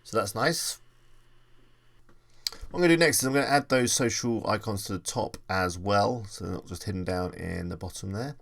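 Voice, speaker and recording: A man's voice: fairly low pitch, normal speed, gravelly, fairly bright tone. A man presenting a screen-recorded web design tutorial, casually thinking aloud as he clicks through each step. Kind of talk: screen-recorded software walkthrough.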